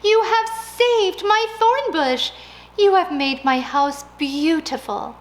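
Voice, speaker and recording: Woman reading as an excitable old lady, high and fluttery, slow storybook pace. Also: slight background noise, full character voice. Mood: overjoyed. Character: emotional old woman who loves her thorn bush.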